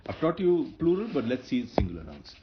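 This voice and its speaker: A man's voice: medium pitch, sing-song, brisk. A man teaching Hebrew grammar in a patient lecture, often repeating himself and correcting slips. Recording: dull lo-fi lecture recording with faint noise.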